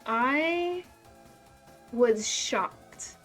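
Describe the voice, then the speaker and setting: A woman talks slowly in a higher voice during a relaxed gaming chat, answering in a modest, dry way. Faint music runs in the background. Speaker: stream guest.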